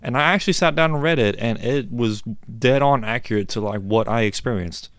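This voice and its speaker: A podcast co-host chats casually, blunt and full of wisecracks. His medium-pitched voice is brisk, clear and resonant with a fairly bright tone, captured in a dry, clean studio recording.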